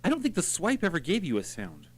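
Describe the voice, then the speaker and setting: Playful, animated man podcast host. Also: a little high, fast talker, slightly rough. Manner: joking, playful, drops to whispers for gags. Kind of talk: casual comedic banter. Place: radio studio.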